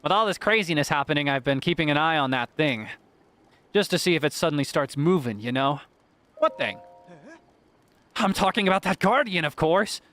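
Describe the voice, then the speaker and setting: A man's voice: on the high side, lively intonation, normal speed, fairly bright tone. A man reading a chatty doom-saying traveler. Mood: ominous. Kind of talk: reading game dialogue aloud.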